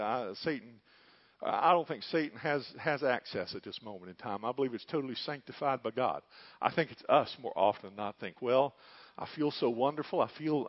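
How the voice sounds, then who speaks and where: A middle-aged man preaching a sermon, fervent and folksy, dropping to a hush and rising to loud emphasis. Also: on the high side. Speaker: pastor. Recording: dull lo-fi recording.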